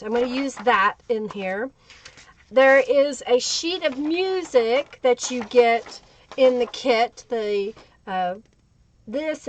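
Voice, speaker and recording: A woman hosting a live crafting tutorial, chatting away and greeting viewers in the chat by name. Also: high voice. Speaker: crafting livestream host. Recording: dull lo-fi livestream audio.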